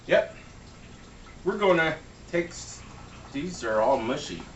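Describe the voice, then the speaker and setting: A man's voice: fairly high pitch, sing-song, slow pace, a little hiss or hum. Joking, foul-mouthed man cooking in a kitchen. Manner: joking, swears freely. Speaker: home cook. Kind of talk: casual cooking demo. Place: home kitchen. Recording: echoey room, mic at a distance.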